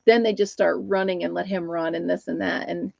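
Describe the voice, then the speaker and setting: A woman's voice: fairly low pitch, steady tone, a little fast, gravelly, darkish tone, dry recording. Middle-aged woman host, Upstate New York accent, laughs a lot, casual live chat with viewers, dry muffled home mic. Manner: chatty, laughs often, talks to her dog and viewers. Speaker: livestream host.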